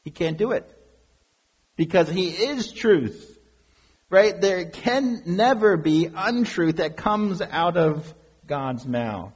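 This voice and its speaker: A man's voice: sits high, animated, slow, breathy edge. A man preaching a sermon as pastor, earnest and emphatic, asking his congregation questions. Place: church sanctuary. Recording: long reverb of a large hall.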